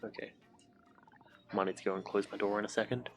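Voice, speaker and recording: A man's voice: lowish voice, steady tone, brisk, noisy background. A young man streaming a video game from a room at home, casual let's-play commentary, joking, swearing and making silly sound effects.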